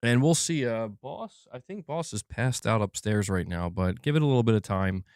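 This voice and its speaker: A man's voice: fairly low pitch, animated, normal speed, darkish tone, clear, resonant tone, no echo, studio quality. A man hosting a casual gaming livestream, chatting loosely and reading out viewers' chat messages. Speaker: livestream host.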